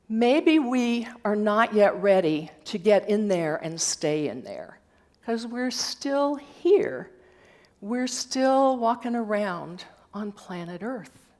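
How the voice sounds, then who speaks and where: An older woman giving a sermon at a spiritual center, telling stories with gentle humor and a measured delivery. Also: medium pitch. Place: church hall.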